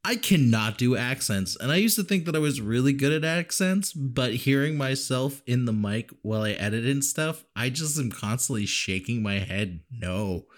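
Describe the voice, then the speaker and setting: A man's voice: mid-range voice, lively intonation, normal speed, few pauses. A man hosting a casual movie podcast. He is loose and jokey, laughs a lot and swears freely. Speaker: podcast host. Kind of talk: casual chat.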